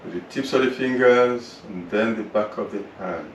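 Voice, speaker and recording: Recorded from afar in a roomy yoga class room with faint noise, a man whose voice sits on the low side talks students through a slow body relaxation and then breathing exercises, soothing and drawn out.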